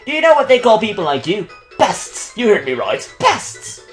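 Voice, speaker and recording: A shrill, snippy young girl gym leader from a video game, scolding and sharp, as a man puts her on with a pitched-up voice. The lines leap up high and swing about, with faint music behind. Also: huge pitch swings, normal speed, exaggerated voice.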